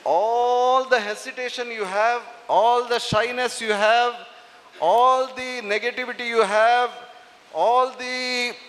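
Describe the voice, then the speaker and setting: A man's voice: very high voice, fairly even intonation, slow, fairly bright tone. A man with an Indian English accent, a police officer giving a motivational talk to students. He teases and coaxes the audience as he talks. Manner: teasing, coaxing the audience. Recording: echoey hall.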